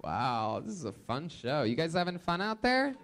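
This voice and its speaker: A man hosting a live comedy show, teasing and roasting the comics with quick, mocking remarks. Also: on the high side, very animated, fairly bright tone, a little hiss or hum.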